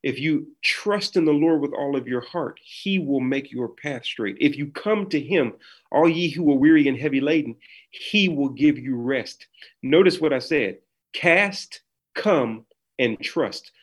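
A man's voice: mid-range voice, moderate pace, slightly rough. Earnest man preaching on a video call. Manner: earnest, sermon-like cadence. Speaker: podcast guest, author. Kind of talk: preaching in conversation. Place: small room.

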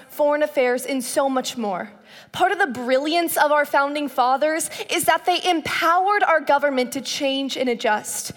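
A woman reciting a prepared speech from a stage in a measured, declamatory way. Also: high-pitched. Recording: long reverb of a big hall.

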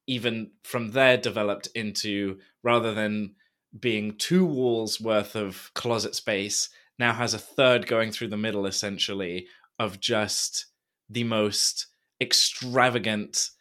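A man hosting a podcast in casual chat, animated and rambling, laughing often. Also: fairly low pitch. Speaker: podcast host. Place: Ringwood, England.

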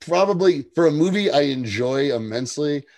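A man's voice: a little high, lively intonation, moderate pace, darkish tone. A man co-hosting a podcast, chatting casually about a TV episode, laughing often and acting out lines as he recaps. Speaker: podcast co-host.

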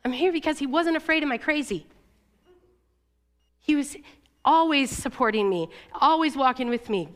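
A woman from Oregon giving a sermon, telling a personal story in an emotional, confessional way. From Oregon, USA. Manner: emotional, confessional storytelling with quick shifts in pitch. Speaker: church staff speaker.

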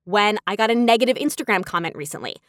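A woman's voice: mid-range voice, fast talker, no room sound, clean studio sound. A woman in her thirties hosting a podcast in casual talk, telling stories with energy and acting out the replies she quotes. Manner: animated storytelling, acts out quoted replies. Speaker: podcast host.

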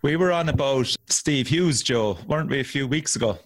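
A man hosting a podcast who chats casually in quiet, brief remarks. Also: mid-range voice, moderate pace. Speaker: podcast host. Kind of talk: casual chat.

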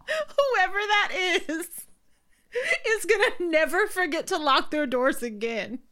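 A woman's voice: very high-pitched, expressive, slow, pushed and bright. A woman co-hosting a podcast, reacting with crude jokes and lots of laughter. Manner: reactive, laughing, profane interjections. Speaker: podcast co-host. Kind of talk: casual chat.

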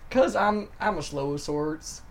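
A man playing a meek, slow-witted young man who rambles haltingly in an improvised role-play. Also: on the high side, gravelly.

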